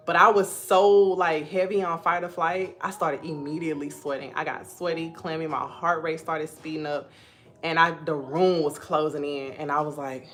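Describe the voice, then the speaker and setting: A young woman chatting on a live stream in a slightly low voice, reading comments and telling animated stories with frequent laughter. Faint music plays behind her. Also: normal speed. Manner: animated storytelling, laughs often. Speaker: content creator hosting a live stream.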